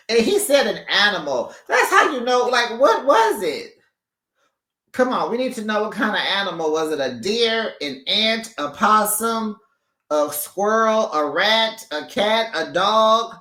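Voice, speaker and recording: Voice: mid-range voice, reverberant. Laughing, gossipy recap YouTuber voice. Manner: laughs often, gossipy and animated, uses slang. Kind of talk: casual chatty show recap. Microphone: USB microphone held back from the mouth.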